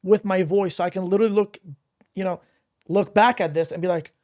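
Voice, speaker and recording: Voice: mid-range voice, fairly even intonation, fairly quick, darkish tone. A podcast host chatting casually, rambling through a personal story with lots of fillers and restarts. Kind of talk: casual interview chat.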